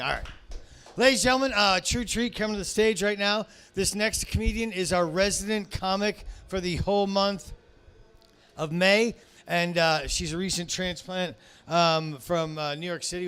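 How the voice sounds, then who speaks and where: Emcee, man, high voice, loud teasing hype patter on a comedy stage. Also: clean tone. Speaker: comedy show host. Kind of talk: stand-up show hosting.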